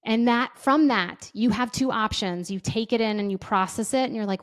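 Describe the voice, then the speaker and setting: A woman in her thirties hosting a casual advice podcast, chatty and quick to act out little bits of dialogue. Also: a little high. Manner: chatty, says "like" often, acts out dialogue. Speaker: podcast host.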